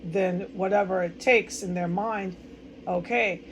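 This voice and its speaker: A woman's voice: medium pitch, steady tone, a little slow, a little hiss or hum, rough recording. An American woman in a distraught, rambling personal monologue, stumbling over words and swearing often. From United States. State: upset and distraught. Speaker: vlogger.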